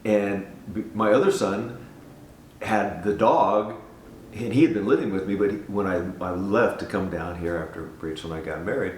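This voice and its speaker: Older man, low voice, earnest testimony storyteller, recorded roomy and off-mic. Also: normal speed, slight background noise. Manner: earnest, animated storyteller who repeats himself. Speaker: guest giving a testimony. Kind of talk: casual spoken testimony. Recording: roomy sound from a distance.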